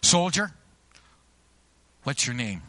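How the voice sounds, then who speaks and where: A preacher acting out a stern ancient general. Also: male voice, mid-range voice, very animated, slow pace, pushed and bright, dry recording, voice pushed down, exaggerated voice. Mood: stern demanding. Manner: demanding, intense questioning.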